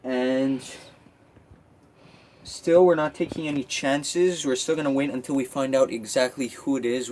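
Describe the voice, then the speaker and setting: A young man tells a story from a camper at night, rambling and nervous, tripping over his words with many fillers. His voice stays flat, with little rise or fall. A faint noise sits under the recording. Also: mid-range voice, rough recording. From Quebec, Canada. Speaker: vlogger. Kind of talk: casual vlog storytelling. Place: outdoors.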